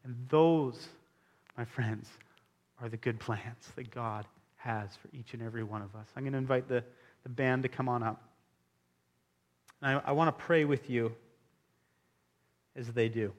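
A man's voice: mid-range voice, fairly even intonation, unhurried, long pauses. A man preaching a sermon as pastor, earnest and emphatic, repeating key phrases for weight. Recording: long hall reverb.

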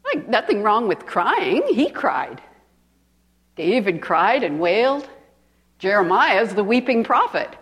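A woman delivering a sermon at an unhurried pace. She talks in a conversational way and stops often to put questions to her listeners. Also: medium pitch, sing-song, fairly bright tone, breathy edge. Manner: asks the audience questions, conversational. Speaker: preacher. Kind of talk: sermon, teaching.

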